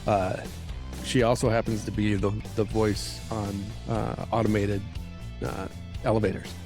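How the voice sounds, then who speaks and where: A man with a low, gravelly voice co-hosts a podcast from a job trailer. He talks in a laid-back, blunt way and swears casually. A soft guitar plays underneath. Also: flat delivery, unhurried. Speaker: podcast co-host. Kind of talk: casual chat.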